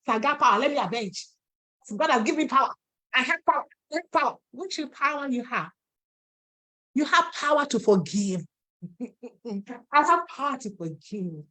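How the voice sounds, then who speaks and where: A high-pitched woman with a Nigerian accent preaches with passion. She rises and falls as she urges her listeners, and now and then slips into the voices of the people in her story. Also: expressive, fairly quick, pushed and bright. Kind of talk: sermon.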